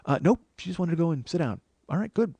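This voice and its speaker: A man in his forties tells a rambling comic story at a fast clip, swearing freely and sounding put out. His voice sits a little high for a man. The recording is close and dry, with no room sound around it. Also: gravelly, slightly rough, dry recording. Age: 40s. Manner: profane, exasperated, animated retelling. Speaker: comedian and podcast host. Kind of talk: comedic storytelling monologue.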